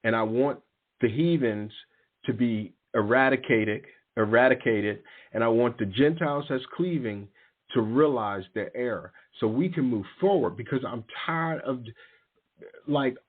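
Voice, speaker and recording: A man's voice: mid-range voice, unhurried. A man hosting a casual spiritual talk radio show, rambling with restarts and acting out the voices in his stories. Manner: animated storytelling, acting out quoted voices. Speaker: radio show host and youth coach. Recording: narrow phone-like line.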